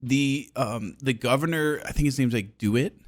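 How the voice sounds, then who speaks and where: A man's voice: medium pitch, normal speed. A young man co-hosting a podcast, telling rambling stories in casual chat and laughing often. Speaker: podcast co-host.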